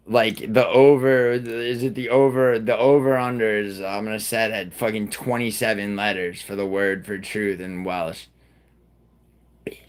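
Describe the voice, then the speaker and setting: A man with a slightly low-pitched voice rants at his live-stream chat. He is from New York and talks in a rambling, profane, combative way, swearing freely and trailing off mid-thought. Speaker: livestream host. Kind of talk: casual live-stream chat answering viewers.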